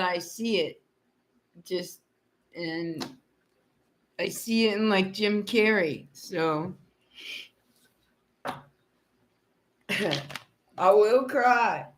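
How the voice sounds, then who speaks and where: A woman's voice: mid-range voice, a bit bright. A middle-aged woman hosting a livestream, chatting casually with viewers, telling bawdy stories and laughing often. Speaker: livestream host.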